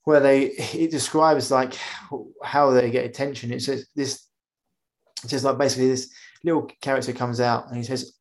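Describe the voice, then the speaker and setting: Man, podcast host, rambling, animated, casual conversation, mid pitch. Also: moderate pace. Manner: animated, rambling, acts out quoted voices.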